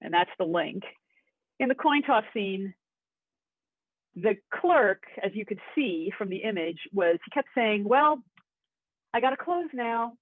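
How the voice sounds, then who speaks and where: A woman's voice: medium pitch, animated, unhurried, pauses often, husky, no echo. A woman teaching acting in a webinar, chatty and enthusiastic, with asides to her class. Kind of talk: webinar lesson. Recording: tinny phone-like audio.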